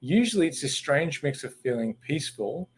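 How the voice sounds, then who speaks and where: A man's voice: fairly high pitch, moderate pace, slight background noise. A middle-aged man, presenting a webinar in a conversational way, acting out quoted speech and often restarting his sentences. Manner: animated, acts out quoted speech, frequent restarts.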